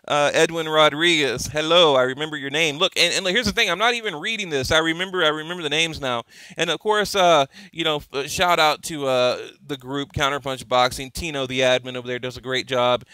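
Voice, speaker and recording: A man talking casually to his YouTube viewers about boxing, excitable and rambling, full of fillers and restarts. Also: on the high side, moderate pace, clear, resonant tone, dry recording. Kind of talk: casual fan commentary to camera.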